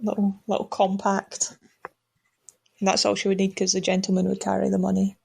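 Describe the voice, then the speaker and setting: A woman's voice: mid-range voice, monotone, fairly quick, vocal fry, darkish tone, slightly rough. A woman making brief, matter-of-fact remarks in a casual film club discussion.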